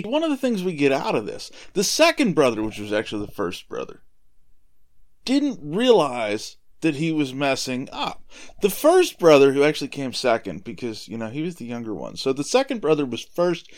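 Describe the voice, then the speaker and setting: Male podcast host, casual Bible storyteller, high-pitched, very lively delivery. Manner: conversational, animated, with asides.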